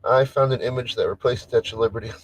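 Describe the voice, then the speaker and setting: A man's voice: medium pitch, fairly even intonation, brisk, slightly rough, rough recording. A man hosting a casual solo livestream, chatting in a rambling way with lots of restarts and trailing thoughts. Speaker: livestream host. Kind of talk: casual solo stream chat.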